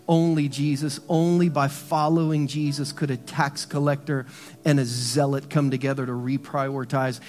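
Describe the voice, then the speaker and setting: A middle-aged man preaching a sermon in a church, swinging between hushed low emphasis and loud bursts. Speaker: pastor.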